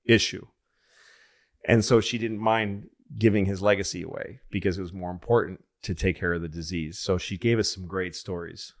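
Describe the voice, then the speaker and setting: A man tells long comedic stories in a loose, rambling way. He corrects himself as he goes and swears casually. His voice sits on the low side. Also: steady tone, moderate pace. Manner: rambling, self-correcting, profane.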